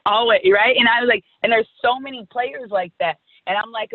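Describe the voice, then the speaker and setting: Brief: thirties woman from California, lively storyteller, sound like a thin phone call, close and dry. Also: fairly high pitch, quick pace, dry recording. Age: 30s. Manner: animated, acts out past conversations. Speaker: guest, former softball player. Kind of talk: storytelling interview.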